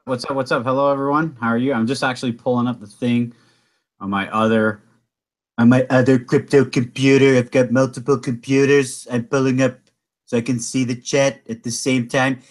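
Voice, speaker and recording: A man of ordinary pitch, relaxed and playful as a guest on a webinar. He chats easily and keeps up a light banter with the host. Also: normal speed. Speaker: guest trader, student of host. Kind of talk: casual webinar chat.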